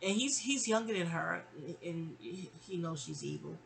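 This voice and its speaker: A woman's voice: lowish voice, animated, normal speed, vocal fry, slight background noise, low-quality recording. A woman from New York telling a personal story in a casual, rambling way, talking straight to her listener and acting out other people's voices. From New York (Queens). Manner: acts out others' voices in quoted dialogue.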